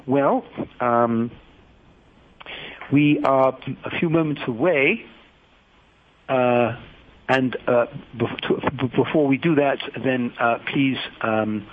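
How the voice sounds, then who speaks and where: A man hosting a radio call-in show, reading out announcements slowly and haltingly, spelling things out letter by letter. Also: medium pitch. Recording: phone-like radio broadcast.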